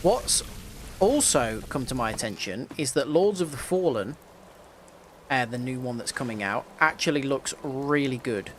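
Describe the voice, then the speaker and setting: A man's voice: mid-range voice, animated, normal speed, slight background noise. A man streaming a game, chatting casually and rambling with lots of filler words. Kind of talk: casual live gameplay chat.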